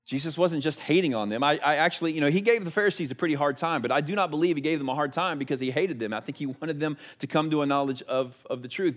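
A male pastor preaching a sermon in a conversational way, asking rhetorical questions and moving between emphatic and hushed delivery. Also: a little high, fast talker, hardly any pauses.

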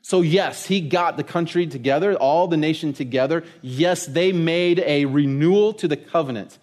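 Animated male pastor preaching. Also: a little high, normal speed. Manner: storytelling, animated, conversational preaching. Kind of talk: sermon.

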